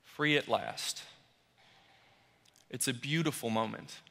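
A young man preaching a sermon in a church, slow and dramatic, crying out the voices of a desperate crowd. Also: mid-range voice, vocal fry, pushed and bright. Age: young adult. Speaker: pastoral resident. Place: church sanctuary. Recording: long church reverb.

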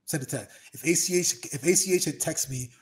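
Higher-pitched emphatic male interview guest. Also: fairly quick. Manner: emphatic, animated storytelling with repeated phrases. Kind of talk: casual interview talk.

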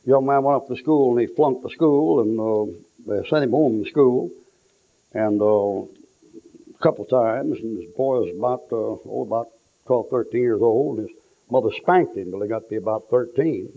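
Folksy preacher on a tinny recording. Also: male voice, mid-range voice, normal speed. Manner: folksy storytelling, acts out quotes, shouts for effect. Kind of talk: sermon. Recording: tinny lo-fi phone-like sound.

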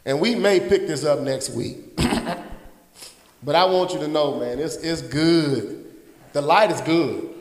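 A man's voice: on the high side, unhurried, long pauses, big-room sound. A man pastor preaching a sermon with call-and-response, calling out congregants by name. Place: church sanctuary.

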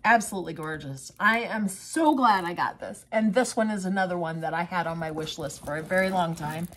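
A woman's voice: on the low side, a little fast, fairly bright tone. A woman craft vlogger giving casual unboxing commentary, gushing with exclamations and chatty asides to her viewers.

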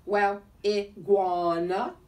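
A woman's voice: mid-range voice, flat delivery, extremely slow, darkish tone. A woman doing a teasing little ornament man. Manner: mocking, giggly teasing. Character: small teasing male Christmas ornaments. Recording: voice from a distance.

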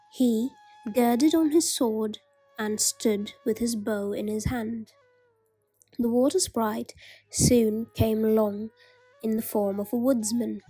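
Female storyteller reading a fable aloud, very slow, mellow husky voice, fairly high. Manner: slow, gentle read-aloud. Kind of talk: storybook narration.

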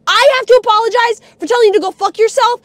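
Young woman streamer, very high pitch, close dry sound, heated profane ranting. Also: fast talker, dry recording. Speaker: livestreamer. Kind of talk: livestream rant.

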